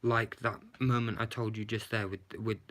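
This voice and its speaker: A man's voice: on the low side, little pitch movement, normal speed, a bit bright. Profane man ranting into his phone. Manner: profane, exasperated ranting with rhetorical questions. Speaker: movie reviewer. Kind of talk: ranting live-stream movie review. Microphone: handheld phone camera, shaken while talking.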